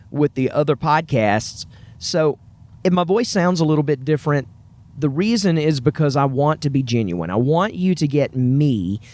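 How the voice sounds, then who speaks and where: A man's voice: a little high, a little mellow. Earnest Southern man hosting a podcast. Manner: earnest, upbeat and chatty. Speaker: podcast host. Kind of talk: solo podcast monologue.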